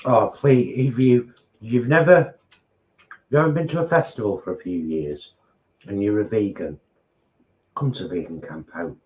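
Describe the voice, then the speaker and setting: A man's voice: on the low side, moderate pace, pauses often, darkish tone. A middle-aged man co-hosting a casual mukbang chat, blunt and outspoken, mocking his critics. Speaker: co-host. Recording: slightly dull home recording.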